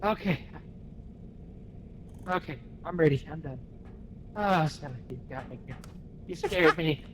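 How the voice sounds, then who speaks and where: Man co-player, fairly high voice, jittery, repeats lines. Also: animated, unhurried, fairly bright tone, slight background noise. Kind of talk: casual gameplay chat.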